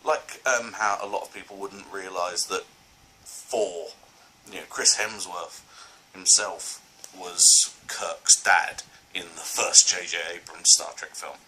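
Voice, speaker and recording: A man chats through a casual film review on his vlog, rambling from thought to thought with plenty of fillers and restarts. His voice sits a little low but has a sharp, forceful edge, and a faint hiss hangs behind it. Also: fairly even intonation, takes it slowly, rough recording. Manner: enthusiastic.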